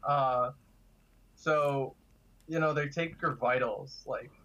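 A man's voice: medium pitch, slow, a bit bright, dull audio. A man telling casual stories as a guest, chatty and laughing through his anecdotes. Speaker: guest, kidney donor. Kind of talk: casual storytelling.

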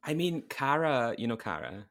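A young man, co-hosting a podcast in casual chat with wry, deadpan quips. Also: mid-range voice, moderate pace. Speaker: podcast co-host.

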